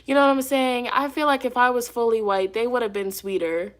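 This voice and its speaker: A woman's voice: a little high, steady tone, a little fast. A woman hosting her tarot channel, telling a personal story to camera in a casual, emphatic way and swearing freely. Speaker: tarot reader and channel host.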